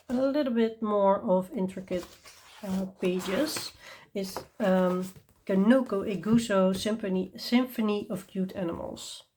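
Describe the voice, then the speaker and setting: A woman's voice: medium pitch, a little mellow, slight background noise. A woman hosting her coloring channel, presenting books in a chatty, enthusiastic way, with many ums and small laughs. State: tired and yawning. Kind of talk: casual show-and-tell review.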